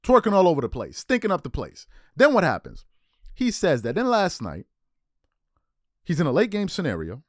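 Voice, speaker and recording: Male podcast host, lively swooping delivery, dry close sound, mocking riffs. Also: a little high, normal speed, no echo. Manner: animated, mocking impressions of others. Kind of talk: casual sports commentary.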